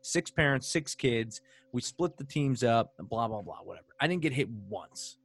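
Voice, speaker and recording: Young guy cohosting a podcast, casual and lively, swears a bit, dry mic. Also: mid-range voice, moderate pace, slightly rough, no room sound. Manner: animated storyteller, swears casually. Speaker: podcast co-host. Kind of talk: casual chat.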